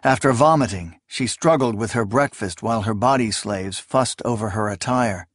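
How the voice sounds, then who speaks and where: A man reading a fantasy novel aloud as narrator, in a measured, steady storytelling delivery. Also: on the low side, no room sound, clean studio sound. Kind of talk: scripted audiobook narration.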